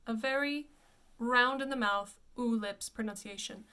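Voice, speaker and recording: A woman voice coach giving a pronunciation lesson. She says each word slowly and then repeats it. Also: on the high side, bright, forceful tone.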